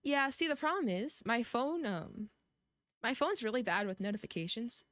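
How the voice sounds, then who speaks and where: A woman's voice: fairly high pitch, animated, normal speed, a bit bright, no room sound. A woman streaming a game, chatting casually in a rambling way with many restarts. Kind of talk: casual gameplay commentary.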